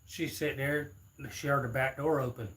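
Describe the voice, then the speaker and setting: A man's voice: mid-range voice, steady tone, normal speed, fairly bright tone, low-quality recording. A man telling a story to his viewers in a rambling, loose retelling on a livestream. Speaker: streamer. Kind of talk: casual storytelling.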